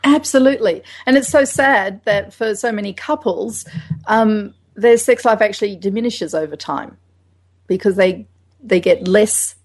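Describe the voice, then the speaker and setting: Female podcast co-host, casual and enthusiastic, acts out bits of dialogue. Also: mid-range voice. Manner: enthusiastic, animated, acts out little quotes. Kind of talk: casual sex-education chat.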